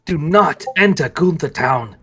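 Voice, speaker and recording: A man voicing a grim male dark-order warrior who speaks in measured threats. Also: fairly high pitch, expressive, husky, voice pushed up, exaggerated voice. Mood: conflicted.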